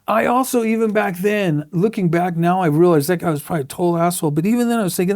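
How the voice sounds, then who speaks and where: A man's voice: high voice, fast, hardly any pauses, a little mellow, no room sound, studio quality. A middle-aged man, a tattoo artist being interviewed, telling blunt, profane stories and acting out the quotes. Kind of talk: casual storytelling interview.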